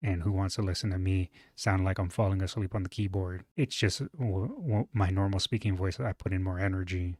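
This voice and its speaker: A man with a moderately deep, lowish voice talks through a reaction video in an easygoing, rambling way. The sound is dry and close, with no room around it. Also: a little fast, few pauses, breathy edge, dry recording. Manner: relaxed, chatty, thinks aloud with fillers. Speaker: reaction streamer. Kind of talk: casual reaction commentary.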